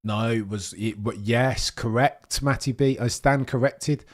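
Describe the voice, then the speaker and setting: A man's voice: lowish voice, a little slow. A young British man streaming live, chatting and bantering cheekily with his viewers. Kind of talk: casual live-stream chat.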